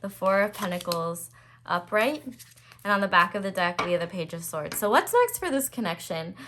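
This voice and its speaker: A young woman giving a casual tarot reading to her viewers, chatty and full of fillers, breaking into excited bursts as she turns cards. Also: mid-range voice, moderate pace, slight background noise. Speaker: tarot reader.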